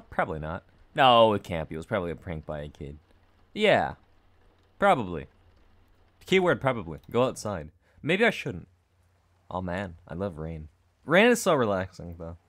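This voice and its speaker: A man's voice: lowish voice, fairly bright tone. Joking young man playing a horror game. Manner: nervous joking, reads in-game dialogue aloud, laughs at own jokes. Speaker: gaming YouTuber. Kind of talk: horror game let's play commentary.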